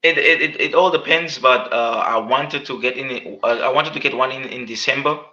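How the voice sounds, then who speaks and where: Earnest man, bright and lo-fi. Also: mid-range voice, normal speed. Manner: earnest, repeats words often, says "man" a lot. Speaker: MMA fighter, interview guest. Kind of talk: casual interview answers. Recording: dull, lo-fi sound.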